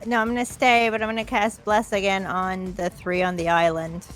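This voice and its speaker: A woman's voice: mid-range voice, level tone, moderate pace, faint music behind. A woman playing a tabletop game, thinking aloud as she works out her turn. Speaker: player. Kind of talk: casual tabletop game chat.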